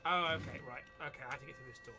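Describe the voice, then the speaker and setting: A man's voice: mid-range voice, racing. A man streaming a video game live, chatting and laughing through rambling commentary on his play. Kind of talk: casual live-stream chat. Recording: game music under the voice.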